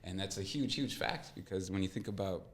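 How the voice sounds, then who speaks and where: A man's voice: low-pitched, a little fast, echoey room. A young man, a guest in a casual interview, telling his story earnestly and reflectively. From California.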